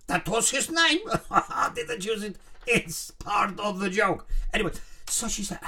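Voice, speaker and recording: A middle-aged man and shopkeeper, rambling through a joke with halting digressions and chuckles. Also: high voice, very animated, vocal fry, sharp tone, breathy edge.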